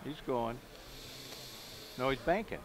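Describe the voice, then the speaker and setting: A man's voice: medium pitch, animated, slow pace. A man doing live commentary on a pool match in a pool hall, thinking aloud about each shot. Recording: noisy live venue stream.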